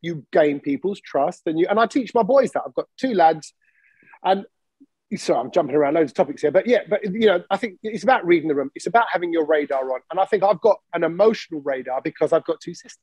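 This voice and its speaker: A man hosting a podcast in casual chat, animated and acting out the voices of people he quotes. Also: fairly high pitch, fast talker, husky, no room sound. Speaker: podcast host.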